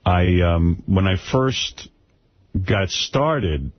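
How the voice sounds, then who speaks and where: A man's voice: sits low, lively intonation, extremely slow, dry recording. A man hosting a radio show, talking in casual banter and ranting in a brash, boastful way. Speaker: radio host. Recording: dull lo-fi radio recording.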